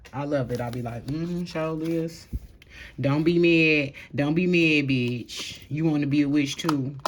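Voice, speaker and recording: A woman doing a casual tarot reading to camera, talking bluntly in slang and swearing freely, moving between calm stretches and loud outbursts. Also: very deep voice, a little hiss or hum. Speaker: tarot reader.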